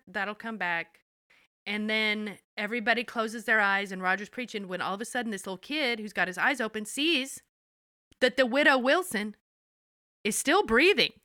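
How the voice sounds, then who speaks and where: A woman with a bright, clear voice recaps a show episode for her co-host, animated and salty-mouthed. The sound is dry and close. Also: mid-range voice, normal speed, no room sound. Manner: animated, profane storytelling. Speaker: podcast co-host.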